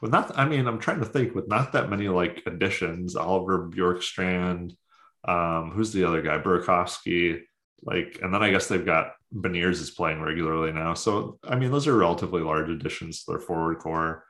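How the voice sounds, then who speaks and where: A man's voice: low voice, normal speed, fairly bright tone. A man co-hosting a casual sports chat, rambling with lots of fillers and offhand jokes. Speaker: podcast co-host.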